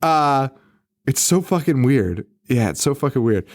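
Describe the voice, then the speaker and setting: A man's voice: mid-range voice, a little slow, dry recording, studio quality. A man co-hosting a podcast and walking through a horror film's plot. He talks casually, curses often and slips into the characters' lines as he goes. His voice sits in a middle range. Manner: profane, animated, acts out quoted characters. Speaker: podcast co-host. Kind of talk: casual movie recap chat.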